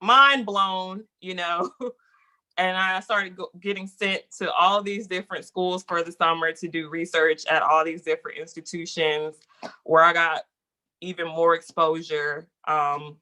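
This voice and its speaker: Woman guest in a chatty interview, bright voice, super animated storyteller. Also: fairly low pitch, measured pace. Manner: lively, animated storyteller who acts out quotes. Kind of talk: casual storytelling chat.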